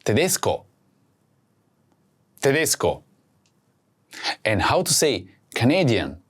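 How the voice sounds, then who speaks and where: A man hosting a language lesson, speaking slowly and clearly and saying each word twice for practice. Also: mid-range voice, wildly swooping pitch, slight background noise. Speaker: language teacher host. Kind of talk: slow scripted lesson with repeat-after-me drills.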